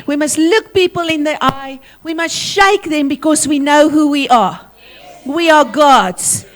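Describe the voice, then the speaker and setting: Speaking a little slowly, a high-voiced South African woman runs a school assembly as the teacher in charge. She's commanding and playful, summoning pupils to the front and drilling them with energy.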